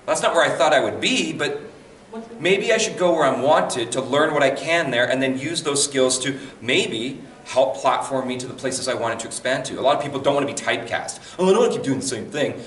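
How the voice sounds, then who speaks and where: A man with a deep voice giving advice as a voice actor guest, telling stories animatedly and acting out quotes. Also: a little fast, a bit bright, slight background noise. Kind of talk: conversational advice talk. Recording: echoey room, mic at a distance.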